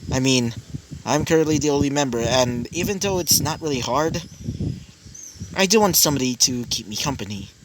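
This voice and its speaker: A man doing a cocky young hero who drops his voice low and keeps it calm and measured. His pitch moves in a lively way even so. Loud background hiss is constant. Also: close to an everyday voice.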